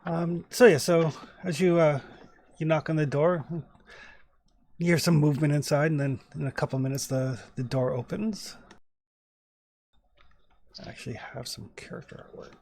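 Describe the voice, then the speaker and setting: A man's voice: a little high, fairly even intonation, normal speed, vocal fry, pauses often, darkish tone, a little hiss or hum. A man narrating as game master in a tabletop game, in a loose, rambling way with many fillers.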